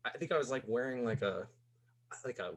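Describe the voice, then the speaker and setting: A young man from Missouri, USA, appears as a podcast guest and tells a casual story. His medium-pitched voice is fairly quick, and he rambles, peppering his speech with lots of "like" and "um."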